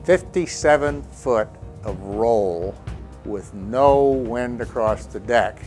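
Slow-talking man explaining in interview. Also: mid-range voice, animated, a little mellow, faint music behind. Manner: unhurried explanatory storytelling with small restarts. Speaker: interviewed expert. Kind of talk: documentary interview.

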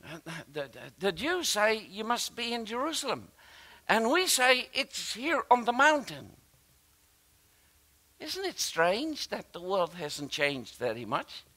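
Animated, bright-voiced male preacher. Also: high voice. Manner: animated and emphatic, with frequent repetition and halting restarts; talks directly to the congregation with asides and questions. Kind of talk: sermon.

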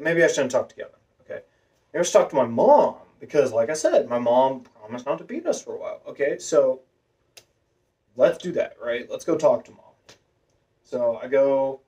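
Masculine voice, rambling personal vlog, lots of fillers, mid pitch, a bit far from the mic. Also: male voice, a little mellow. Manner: rambling, many fillers and restarts. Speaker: vlogger.

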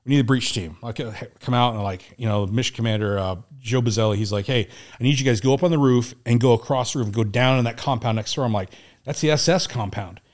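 Middle-aged man, veteran guest, casual profane storyteller with an average pitch, laughs through his war anecdotes. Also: fast. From United States. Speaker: guest, Navy SEAL veteran.

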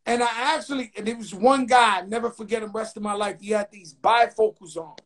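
A man's voice: high-pitched, brisk, fairly bright tone. A middle-aged man hosting a talk show, bantering loosely with laughs and profanity. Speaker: host. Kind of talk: casual talk show chat.

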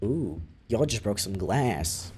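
A man reacting out loud as he plays a horror game, jumpy and foul-mouthed, talking back to the game. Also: fairly low pitch, animated, slow pace, faint music behind. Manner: jumpy, swears a lot, talks back to the game. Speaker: gaming video creator. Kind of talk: live reactions while playing a horror game.

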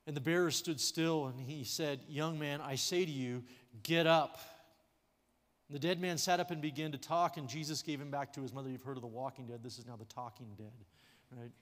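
A man pastor preaching a sermon, animated and jokey, dropping to a hush for weight. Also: mid-range voice, fast. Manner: jokey asides. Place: church sanctuary. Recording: long hall reverb in a church sanctuary.

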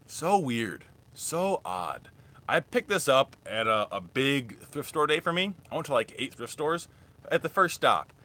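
Young man, casual rambling vlog chat, bright tone, mid pitch, frequent restarts. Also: big pitch swings, unhurried, a little hiss or hum. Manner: rambling, chatty, restarts often. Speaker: thrift reseller vlogger. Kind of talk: casual live-stream haul chat.

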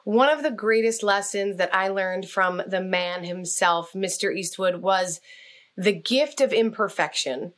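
A woman telling stories in an interview, animated and acting out the voices in her quotes. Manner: animated, acts out quotes with big pitch jumps. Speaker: guest, actress and communication coach. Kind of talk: storytelling in an interview.

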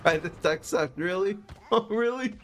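A man giving casual commentary as he plays a card game, swinging between low muttering and exasperated outbursts. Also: lively intonation, a little slow, soft background music. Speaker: gaming streamer.

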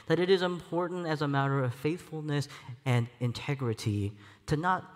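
A man's voice: on the high side, in a large hall. A man preaching a sermon as a church elder, reflective and candid, with light self-deprecating laughs. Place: church sanctuary.

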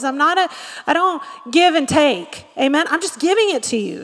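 A woman's voice: sits high, moderate pace, long reverb tail. A woman pastor preaching a sermon, acting out quotes and asking the congregation "Amen?" often. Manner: lively preaching with acted-out quotes and frequent "Amen?". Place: church sanctuary.

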